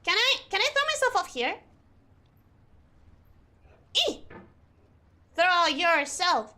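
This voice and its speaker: A young adult woman streaming a game, chatting casually with her chat, excitable, laughing often and repeating herself. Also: very high voice, normal speed. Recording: music playing in the background.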